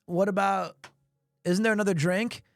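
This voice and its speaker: A man's voice: sits high, steady tone, moderate pace, gravelly, dry recording, studio quality. A man voicing a friendly, puzzled male hotel receptionist. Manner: puzzled, easygoing.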